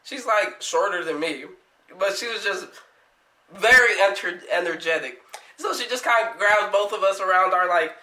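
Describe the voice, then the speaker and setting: A young woman vlogger telling a story in casual chat, animated, laughing often and swearing freely. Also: mid-range voice, normal speed, reverberant, rough recording.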